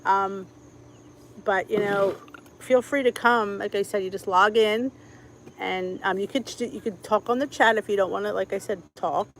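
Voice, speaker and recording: A woman's voice: mid-range voice, normal speed, a little hiss or hum, rough recording. A middle-aged woman with a Philadelphia accent, chatting casually on a live stream from home and greeting viewers by name. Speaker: cooking channel host.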